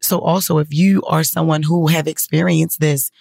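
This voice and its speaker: Raspy, emotional woman podcaster. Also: sits low, fairly even intonation, moderate pace, hardly any pauses, a little mellow, no room sound, studio quality. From United States. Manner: blunt, profane, earnest. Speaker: podcast host. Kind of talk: casual emotional monologue.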